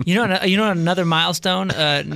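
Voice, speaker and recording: A man telling a lively, laughing story in a casual chat among co-hosts. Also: sits high, a little fast, gravelly. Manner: animated storyteller, laughs while talking. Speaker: co-host.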